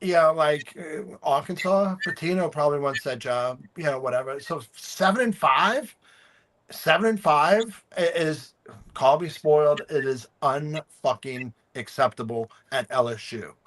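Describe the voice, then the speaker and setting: A man's voice: a little high, a little slow, fairly bright tone. A man co-hosting a sports talk show, ranting heatedly and swearing often. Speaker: podcast co-host.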